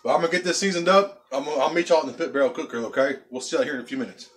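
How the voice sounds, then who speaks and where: Man, folksy barbecue vlog host, slightly high voice, casual outdoor chat, faint background noise. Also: rapid-fire, fairly bright tone. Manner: folksy, chatty, addresses viewers as folks and y'all. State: coughing from pepper rub. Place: outdoors by a smoker.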